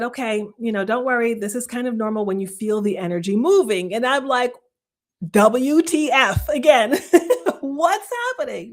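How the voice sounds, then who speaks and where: Woman in her 40s-50s telling a story on a live stream, laughs a lot, quotes herself, repeats stuff for emphasis. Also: mid-range voice. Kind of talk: casual storytelling to a live audience.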